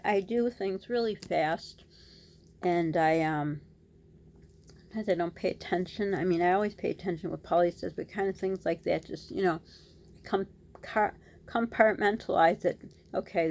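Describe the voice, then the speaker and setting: A middle-aged woman and mother vlogging, telling a story in a casual, scattered way and talking with her hands. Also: fairly low pitch. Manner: scattered, talks with her hands, animated retelling. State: dry lips.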